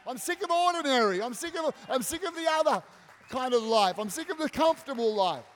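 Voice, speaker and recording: A man acting out an overjoyed man surrendering everything to God, shouting fervently in a high, strained voice. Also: expressive, brisk, in a large hall, soft background music. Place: church hall.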